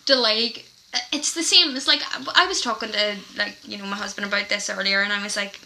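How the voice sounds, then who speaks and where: A woman's voice: medium pitch, brisk, low-quality recording. A woman, co-hosting a podcast in casual chat and telling stories with lots of fillers. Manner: chatty, animated storytelling with many fillers. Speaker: podcast co-host.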